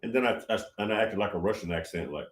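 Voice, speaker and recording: Man, lowish voice, rambling, repeats himself, emphatic, casual livestream talk, echoey room. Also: fast talker. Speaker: host of a prophetic livestream.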